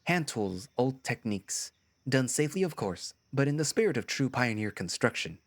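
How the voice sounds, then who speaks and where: A man's voice: medium pitch, very animated, moderate pace, no echo. A man voicing an easygoing shepherd dog ranger. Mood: explaining. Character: friendly male shepherd dog park ranger. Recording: music playing behind.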